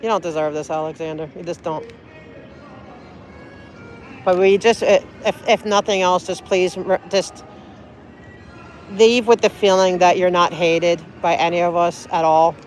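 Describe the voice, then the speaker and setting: A woman's voice: lowish voice, steady tone, unhurried, pauses often, faint music behind. A woman livestreaming outdoors on a city street, talking in an earnest, pleading, rambling way. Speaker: livestreaming auditor.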